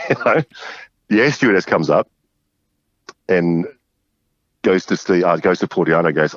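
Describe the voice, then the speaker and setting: A man spins animated anecdotes in a deep, husky voice that rises and falls widely. He laughs often and slips into impressions of the people in his stories. The recording is dry and dull, with a lo-fi edge. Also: moderate pace, pauses often, dry recording. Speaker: guest musician. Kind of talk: casual storytelling chat.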